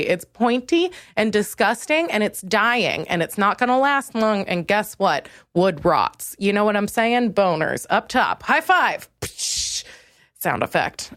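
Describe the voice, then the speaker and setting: A woman comedian hosting her own podcast, delivering a crude, acerbic monologue that keeps leaping up in pitch. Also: fairly bright tone, no room sound, clean studio sound. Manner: crude, acerbic ranting with sudden high jumps in pitch.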